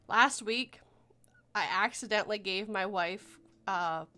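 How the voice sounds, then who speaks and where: A woman's voice: mid-range voice, slow, sharp tone. A woman hosting a casual livestream chat, giggly and punny, reading viewer messages aloud. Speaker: podcast host.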